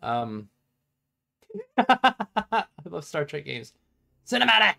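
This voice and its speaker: A man streaming a retro strategy game from home, talking casually to chat, excitable, swearing often and stumbling over words. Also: medium pitch, normal speed.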